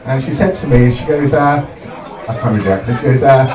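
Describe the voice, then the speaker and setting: A young man from Somerset, doing a stand-up comedy set with deadpan one-liners and frequent "um" pauses. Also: mid-range voice. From Somerset, England. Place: comedy club stage. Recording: echoey club, distant mic, loud crowd.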